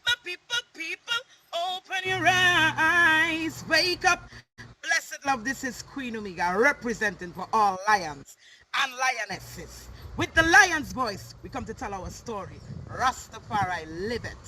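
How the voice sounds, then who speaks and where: Woman doing a promo drop, high swooping bright voice, slow chanting, faint room noise. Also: big pitch swings, rough recording. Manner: chanting, emphatic declarations. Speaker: artist giving a station shout-out. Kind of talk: recorded promo shout-out.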